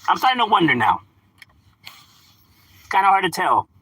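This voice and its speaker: Animated, swearing man. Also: sits high, normal speed, husky, no room sound. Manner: switches between English and Spanish, profane, animated. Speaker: livestream host. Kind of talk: casual chat.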